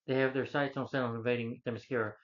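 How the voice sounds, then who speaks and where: A man's voice: medium pitch, level tone, fast talker. Rambling male movie reviewer, lo-fi sound. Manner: rambling, repetitive plot recap with restarts. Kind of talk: casual spoken film review. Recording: slightly dull, lo-fi recording.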